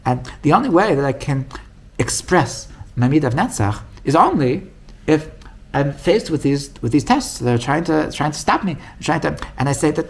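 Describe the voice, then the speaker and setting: A gravelly-voiced male rabbi tells animated stories in a Torah class at a moderate pace. He mimics quoted voices with big pitch shifts and often restarts or repeats his words.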